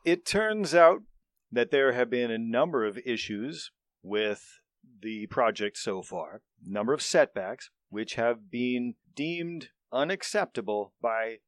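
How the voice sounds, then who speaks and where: Man doing a bard playing office boss, pompous and officious, loud, dry sound. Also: mid-range voice, expressive, slow, no echo. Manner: pompous, officious speech-giving. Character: male bard grandly posing as a corporate manager.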